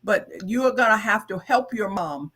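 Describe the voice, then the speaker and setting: A co-host on an advice show, giving earnest, halting counsel with frequent restarts and fillers. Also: medium pitch, expressive, a bit bright. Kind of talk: counseling talk.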